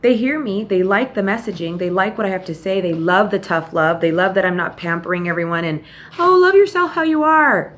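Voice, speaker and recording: This podcast host gives a direct, tough-love motivational monologue, often quoting people in lively put-on voices. She has a lowish voice, talks a little fast, and barely pauses.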